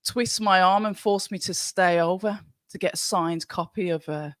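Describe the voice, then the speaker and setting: A man's voice: high voice, moderate pace, a bit bright, no room sound, clean studio sound. A man hosting a live chat show, upbeat and jokey, reading out viewer comments.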